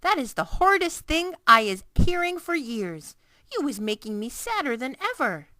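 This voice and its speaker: A woman's voice: high-pitched, big pitch swings, moderate pace, fairly bright tone, no echo, voice pushed up. A woman voicing a huge, kindly old male giant who talks in broken grammar and invented words. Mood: concerned. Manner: mangled grammar and made-up words.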